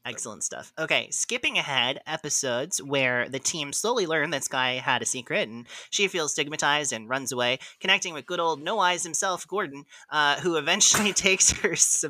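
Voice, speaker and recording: A man's voice: fairly high pitch, expressive, normal speed, few pauses, pushed and bright, dry recording. A man hosting a casual review podcast, recapping plot and laughing often as he talks. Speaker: podcast host.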